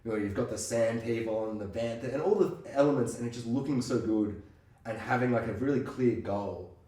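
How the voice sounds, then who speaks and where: A man co-hosting a podcast, chatting casually and acting out scenes with quick impressions. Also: medium pitch, distant mic. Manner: animated, acts out scenes in quick impressions, swears. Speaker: podcast co-host. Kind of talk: casual chat. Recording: echoey room, off-mic.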